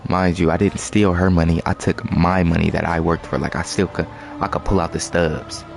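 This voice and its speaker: A man's voice: low voice, little pitch movement, moderate pace, vocal fry. A young man telling a story in a loose, slangy, rambling way on a casual live stream. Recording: music playing behind.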